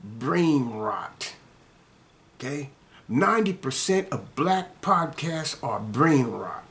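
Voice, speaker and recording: Slow, scolding older man ranting. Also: very animated, a bit bright. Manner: slow, heated, repetitive, scolding; drops to low mutters between outbursts. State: angry. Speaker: commentator ranting to camera. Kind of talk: angry monologue rant.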